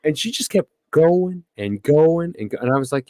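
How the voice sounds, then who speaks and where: A man's voice: a little high, expressive, moderate pace, few pauses, mellow, no echo. A man in his thirties co-hosting a podcast, telling a story in casual chat and acting out the lines he quotes. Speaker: podcast co-host.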